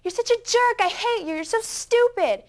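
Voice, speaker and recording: A woman playing a shrill, furious teenage girl. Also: lively intonation, normal speed. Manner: shrill, scolding. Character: indignant teenage girl, protective best friend.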